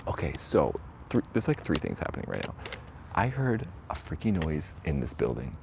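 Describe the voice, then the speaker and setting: A man's voice: a bass voice, very animated, a little fast, gravelly, background noise. A man streaming a nervous night walk through a cemetery, rambling and half-whispering into a shirt mic. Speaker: vlogger. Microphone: shirt lapel mic.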